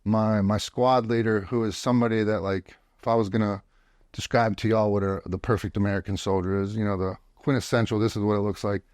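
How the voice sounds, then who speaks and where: Lowish blunt dude telling stories, swears a lot, keeps restarting, dead dry room. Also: male voice, flat delivery, brisk, darkish tone, no room sound. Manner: blunt and profane, with frequent restarts. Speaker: podcast guest. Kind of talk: casual storytelling. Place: home office.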